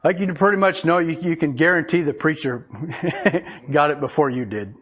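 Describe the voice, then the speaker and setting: A man's voice: on the high side, moderate pace, a bit bright, slightly rough. A man preaching a conversational sermon, folksy and chuckling often as he reads scripture aloud. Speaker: pastor.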